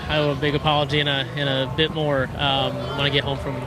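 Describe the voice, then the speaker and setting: A man, a race driver, giving a halting post-race interview full of fillers and restarts outdoors at a racetrack. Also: medium pitch, level tone. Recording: noisy outdoor track recording. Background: vehicle and track noise.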